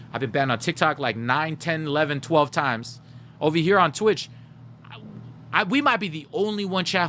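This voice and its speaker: A man's voice: a little high, sharp tone, slight background noise. A man streaming live, chatting casually with his viewers and telling stories straight to chat. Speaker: gaming livestreamer.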